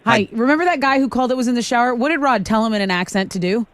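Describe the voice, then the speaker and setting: A woman's voice: fairly high pitch, very fast, no room sound. A woman co-hosting a morning radio show, chatty and giggly in casual banter. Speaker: radio co-host. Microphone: studio microphone.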